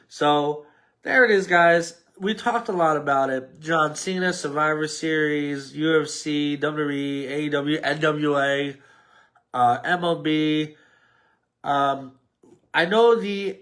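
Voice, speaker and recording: A man's voice: on the high side, fairly bright tone. A man with a New York accent hosting a casual solo sports podcast, rambling and mumbling at times. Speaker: podcast host.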